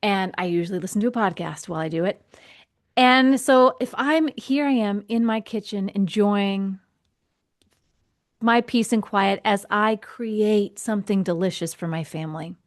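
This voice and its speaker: A woman hosting a podcast, telling a personal story in a casual, animated way and acting out the voices in it. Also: mid-range voice, moderate pace. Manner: animated, acts out quoted voices, laughs often. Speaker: podcast host.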